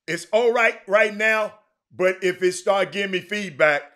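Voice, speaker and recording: Male livestream host, casual and rambling, slightly high voice, lots of restarts. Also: measured pace. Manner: loose, rambling, animated with many restarts. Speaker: talk show host. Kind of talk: casual livestream sports talk.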